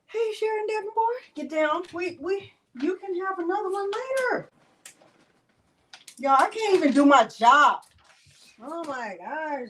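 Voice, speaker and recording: A woman's voice: sits high, big pitch swings, measured pace, pauses often, fairly bright tone, rough recording. A woman hosting a crafting livestream in casual, playful chat, greeting viewers by name and coaxing her pet in a teasing baby-talk voice. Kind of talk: casual live-stream chat.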